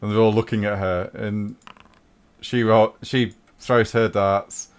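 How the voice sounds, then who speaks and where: A man's voice: on the low side, little pitch movement, slow pace, smooth. Easygoing man narrating a game. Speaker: game master.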